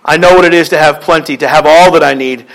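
Talking fast in a steady, fairly bright voice that sits high for a man, a pastor preaches a sermon on a low-quality recording. Repetition and rising emphasis build his points, and he uses quoted voices to deliver a joke.

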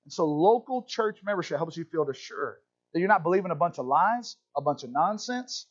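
High-voiced country-accented preacher. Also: male voice, fairly quick, slightly rough, lo-fi sound. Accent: Southern US country. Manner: animated preaching, asides to congregation. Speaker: pastor. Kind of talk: sermon.

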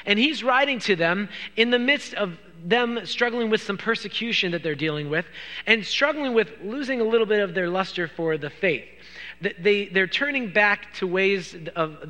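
A man's voice: high-pitched, bright, forceful tone, big-room sound. A middle-aged man preaching a casual, joking sermon to his congregation as their pastor. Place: church hall.

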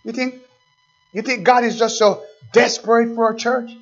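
High-voiced impassioned male preacher. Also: steady tone, normal speed, faint music behind. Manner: impassioned preaching, swings from shouting to hushed. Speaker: pastor. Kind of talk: sermon. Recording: dull lo-fi recording.

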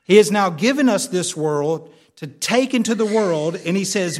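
A man preaching with an unusually high voice and an earnest, heartfelt delivery. He stammers and restarts often, repeating his points for emphasis. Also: animated, moderate pace, hardly any pauses. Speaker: pastor. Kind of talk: sermon.

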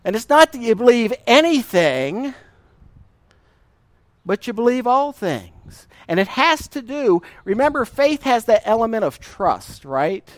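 Folksy pastor guy preaching, high voice, dry close sound, laughs through his stories. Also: very animated, dry recording. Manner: folksy storytelling with laughter and emphatic drawn-out verses. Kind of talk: sermon.

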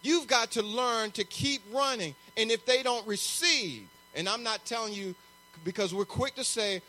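A man preaching a sermon as pastor, conversational and animated, acting out little asides. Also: sits high, measured pace.

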